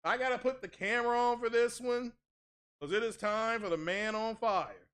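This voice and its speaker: A man's voice: very high voice, moderate pace, a bit bright, clean tone. A man hosting a tech channel, ranting casually with sarcastic, mock-outraged exaggeration and crude, blunt language. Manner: crude, blunt street talk. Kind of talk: casual streamed rant.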